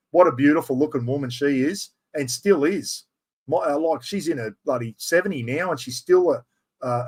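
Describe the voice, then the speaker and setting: Middle-aged aussie bloke chatting on a livestream, slightly higher voice, loose and slangy. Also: male voice, fairly bright tone. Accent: Australian. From Australia. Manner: chatty, reads out viewer comments, mate-heavy slang. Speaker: livestream host. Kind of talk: casual livestream chat.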